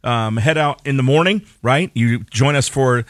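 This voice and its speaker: A man's voice: mid-range voice, normal speed, no room sound. A man hosting a morning radio show, chatting casually and self-deprecatingly with plenty of fillers between announcements. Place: radio studio. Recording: dry studio sound.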